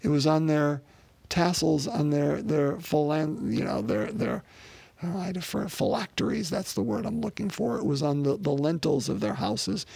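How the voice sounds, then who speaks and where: A man's voice: on the high side, lively intonation, normal speed, vocal fry, darkish tone, breathy edge, no echo. A man preaching a sermon as a pastor, in a conversational way that repeats words and speaks straight to the congregation.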